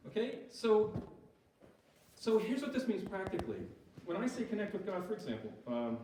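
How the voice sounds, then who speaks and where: A man with a high, animated voice delivers a casual sermon, pitch jumping around as he keeps checking in with the room. He is heard from some distance in a very echoey church hall. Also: moderate pace, noisy background. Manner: conversational, often checking in with the audience. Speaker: speaker at a church recovery group. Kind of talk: informal sermon talk.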